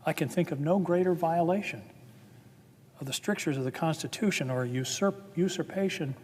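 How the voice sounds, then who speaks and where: A man's voice: a little high, normal speed, a little mellow, a little hiss or hum. A man, a senator, giving a formal floor speech with earnest, building emphasis. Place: legislative chamber. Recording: long reverb of a large chamber.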